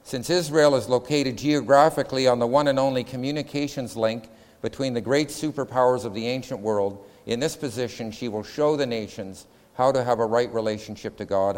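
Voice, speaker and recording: A man's voice: mid-range voice, darkish tone. Methodical male lecturer in an echoing hall. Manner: methodical, counts points aloud, asks the class questions. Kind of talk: classroom lecture on scripture.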